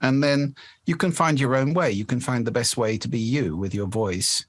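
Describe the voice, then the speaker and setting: A man's voice: mid-range voice, moderate pace, dry recording. A man, a voice expert explaining speaking habits in a podcast interview. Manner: articulate, explanatory, demonstrates voice effects.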